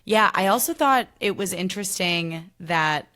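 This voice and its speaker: A woman hosting a podcast, chatting casually about a reality show, full of "like" fillers and quick impressions of people. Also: fairly low pitch. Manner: animated, lots of "like" fillers, mimics people. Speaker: podcast host. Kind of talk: casual chat.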